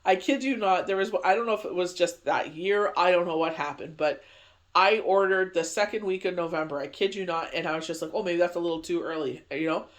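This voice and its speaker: High-voiced chatty man. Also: fairly quick, a bit bright. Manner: rambling, chatty, heavy on "you know" fillers. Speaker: tarot reader. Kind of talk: casual daily tarot reading.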